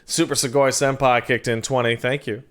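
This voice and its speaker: A man streaming a game, chatting casually and reading out donations with jokey, quick asides. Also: medium pitch, level tone, fairly bright tone.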